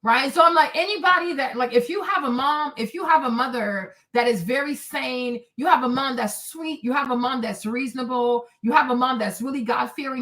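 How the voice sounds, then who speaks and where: A young woman hosting a livestream, ranting indignantly to her viewers in a casual storytelling way. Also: high-pitched. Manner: animated, indignant, talks to viewers as y'all. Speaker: livestream host.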